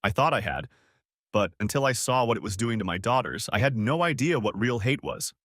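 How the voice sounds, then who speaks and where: A man reads a first-person story aloud in a measured, steady way. His pitch moves a lot through each sentence, and the recording is close and dry with no room sound. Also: no echo. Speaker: story narrator.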